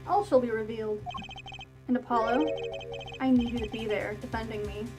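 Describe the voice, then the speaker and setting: A woman reading the lines of a calm, mysterious man, a former lawyer who now plays poker, in a laid-back, teasing way. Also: fairly high pitch, moderate pace, close to an everyday voice. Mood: cryptic. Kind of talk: reading game dialogue aloud. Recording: game music playing behind.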